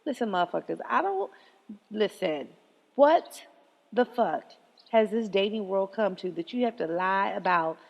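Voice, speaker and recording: A woman hosting her own podcast, ranting in a profane, animated way and often breaking into laughter. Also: mid-range voice, measured pace, gravelly, big-room sound. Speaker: podcast host. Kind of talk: solo podcast rant.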